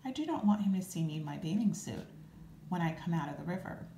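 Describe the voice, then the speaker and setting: A woman's voice: lowish voice, lively intonation, fast, dark tone, slight background noise. A woman voicing a fussy, easily upset male toad for a children's storybook, whiny and complaining. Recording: roomy echo.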